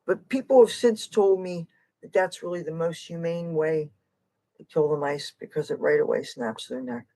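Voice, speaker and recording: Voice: medium pitch, darkish tone, low-quality recording. An adult livestream host and street guitarist chatting casually in a rambling, digressive way, frank and a little wry, jumping from topic to topic.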